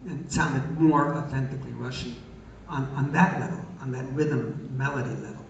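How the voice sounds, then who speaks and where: A man's voice: medium pitch, fairly even intonation, normal speed, vocal fry, a little hiss or hum. Older man telling wry stories in an echoey hall. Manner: wry, teasing storyteller with many hesitations. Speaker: guest answering audience questions. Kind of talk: live Q&A. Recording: echoey hall, far from the mic, dull sound.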